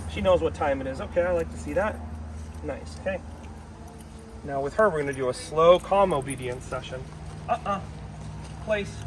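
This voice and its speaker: Male dog trainer, slightly high-pitched, recorded outdoors with steady background noise. Mixes upbeat praise with calm, instructive explanation. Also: moderate pace, long pauses.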